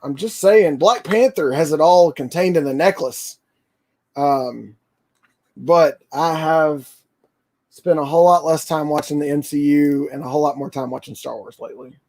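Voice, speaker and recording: A man hosting a casual livestream, talking in a rambling, excitable way with lots of fillers. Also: fairly high pitch, moderate pace. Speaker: toy channel livestream host.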